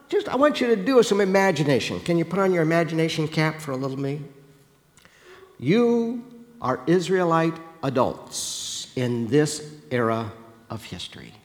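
A man's voice: a little high, in a large hall. A man preaching a sermon, talking straight to his listeners and asking them questions, often restarting his sentences. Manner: animated, questioning the listeners directly, frequent restarts.

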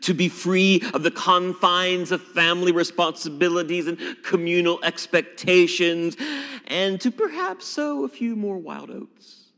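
A man delivers a sermon in a high, bright voice that swings widely in pitch. He preaches emphatically, at times falling to a hush, and his voice rings with the long reverb of a church sanctuary. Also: measured pace. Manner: expressive, emphatic preaching with dramatic drops to a hush. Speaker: pastor.

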